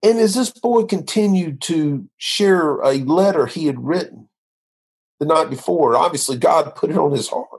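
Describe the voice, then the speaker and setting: A man's voice: on the high side, moderate pace, a little mellow, husky. A man, a minister, telling his faith testimony in an earnest, rambling conversational way, full of restarts. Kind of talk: conversational interview.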